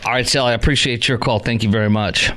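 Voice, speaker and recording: A man's voice: mid-range voice, fairly even intonation, quick pace, pushed and bright. Scoffing middle-aged male radio host. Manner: sarcastic, exasperated, scoffing. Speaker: radio talk show host. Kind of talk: call-in talk radio monologue.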